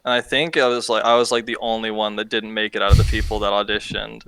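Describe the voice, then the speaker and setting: A man's voice: fairly low pitch, level tone, quick pace, gravelly, a bit bright, a little hiss or hum. A young man, a music producer, chatting casually as a podcast guest, laid-back and slangy, swearing and laughing easily.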